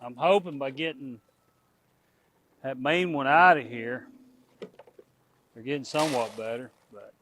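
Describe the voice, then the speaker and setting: A man's voice: medium pitch, unhurried, pauses often, a bit bright, a little hiss or hum. A middle-aged man, chatting casually to his viewers and animals outdoors on a farm. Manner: folksy, talks to animals and viewers. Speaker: homestead vlogger.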